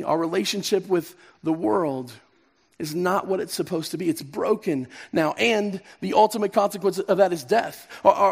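A middle-aged male pastor preaching a sermon, swinging from emphatic peaks down to soft, quiet passages. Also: high-pitched, vocal fry. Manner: impassioned, rising to emphatic peaks then dropping soft. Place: church sanctuary.

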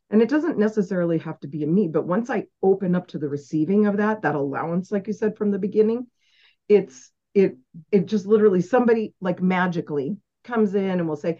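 A woman's voice: fairly low pitch, brisk, warm tone. A woman co-hosting a podcast, enthusiastic and agreeable, sometimes restarting her sentences. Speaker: podcast co-host. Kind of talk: casual podcast chat. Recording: dull lo-fi audio.

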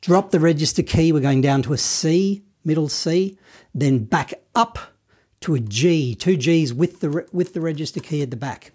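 A man's voice: on the high side, moderate pace, husky. Easygoing man teaching saxophone. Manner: relaxed, encouraging, scats the phrases with syllables. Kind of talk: online music lesson.

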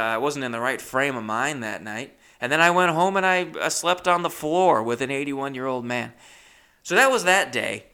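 A young man telling a comic story, animated, swinging from mutters to loud outbursts. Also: medium pitch, smooth. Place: Los Angeles area.

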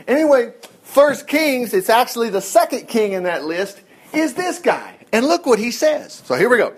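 A man's voice: extremely high pitch, big pitch swings, normal speed, slightly rough. A man giving a casual Bible study, folksy and digressive, who slips into little acted asides.

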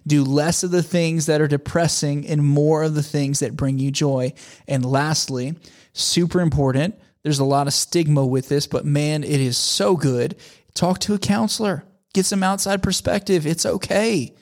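A man's voice: fairly high pitch, fairly even intonation, moderate pace, a little mellow. A man in his thirties preaching in a conversational, earnest way, often repeating phrases for emphasis. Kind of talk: sermon.

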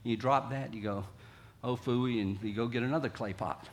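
A man preaching a sermon to his congregation in a conversational way, dropping low and quiet, then acting out quotes loudly. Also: normal speed. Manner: conversational, acts out quotes with big swings from quiet to loud. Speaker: pastor. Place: church sanctuary.

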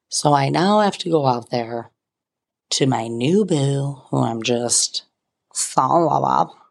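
A woman's voice: extremely low pitch, vocal fry, a little mellow, slightly rough. A young woman hosting a podcast, telling a funny personal story with self-mocking, dramatic asides. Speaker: podcast host. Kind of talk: casual storytelling.

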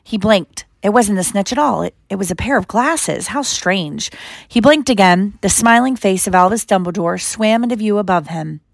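Woman reading a storybook aloud, expressive, mid-pitched, dry close sound. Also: normal speed, creaky, no echo. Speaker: reader. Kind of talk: audiobook narration.

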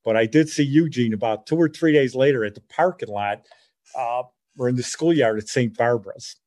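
A middle-aged man with a Chicago accent, telling a childhood story in a lively, casual way and acting out the voices of the people in it. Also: mid-range voice, normal speed. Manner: animated, acts out voices in his story. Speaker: podcast host.

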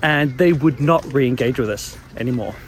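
A young man telling his own embarrassing stories in a casual, animated way, chuckling along as he goes. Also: medium pitch, normal speed. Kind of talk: casual storytelling monologue.

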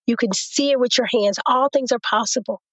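A woman's voice: on the high side, a little fast, husky, no room sound, rough recording. A woman guest in an interview, telling a personal testimony and acting out what others said to her. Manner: storytelling, quotes others in a lively retelling.

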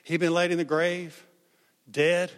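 High-voiced man preaching in a reverberant hall. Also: a little slow. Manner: conversational, animated, acts out quotes. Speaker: pastor. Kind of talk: sermon.

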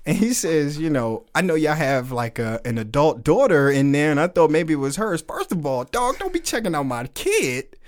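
Brief: middle-aged male podcast host, lively, profane storyteller, laughs a lot. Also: a little high, normal speed, hardly any pauses. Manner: animated, profane storyteller who laughs often. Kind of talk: casual podcast chat with live chat.

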